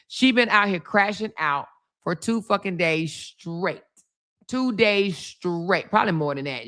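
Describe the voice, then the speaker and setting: A woman's voice: fairly low pitch, fairly bright tone. A woman hosting a livestream in a casual commentary style, blunt, profane and mocking, often repeating words for emphasis.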